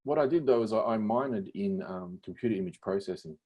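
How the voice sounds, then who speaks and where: Husky Australian man telling stories. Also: on the low side, a little fast, muffled recording. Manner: animated, laughing, swears freely. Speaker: guest entrepreneur. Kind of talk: casual interview storytelling.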